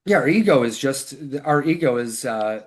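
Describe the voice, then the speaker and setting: A man's voice: mid-range voice, animated, moderate pace. A man as a podcast guest, talking casually with lots of fillers and restarts. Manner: loose and filler-heavy, with frequent restarts. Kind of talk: casual conversational interview.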